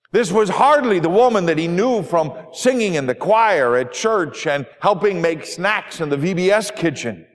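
A male pastor preaching a sermon in a church, reading scripture and telling a story in an earnest, measured way. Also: a little high. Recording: long reverb of a large hall.

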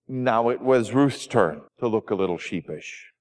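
A male pastor preaching a sermon in a church, reading scripture and telling a story in an earnest, measured way. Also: lowish voice, lively intonation. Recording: long reverb of a large hall.

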